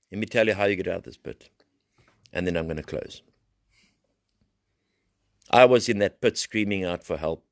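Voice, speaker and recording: A middle-aged man with a South African accent giving an impassioned recovery share. He preaches and climbs into loud, high-pitched pleading. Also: moderate pace, gravelly, long pauses, dry recording, clean studio sound. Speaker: recovery program founder.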